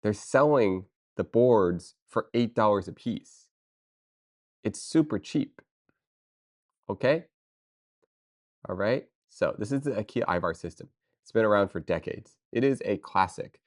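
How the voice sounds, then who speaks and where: A woman chatting casually with her viewers on a live stream, excitable and playful, talking straight to chat. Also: very deep voice, a little slow, pauses often. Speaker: livestreamer.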